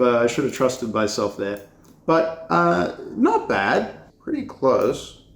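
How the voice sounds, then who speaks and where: Self-mocking man, echoey room. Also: medium pitch. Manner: self-mocking, muttering to himself, laughing at his mistakes. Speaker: design video creator. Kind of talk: casual think-aloud commentary while designing. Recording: echoey room with a poor mic.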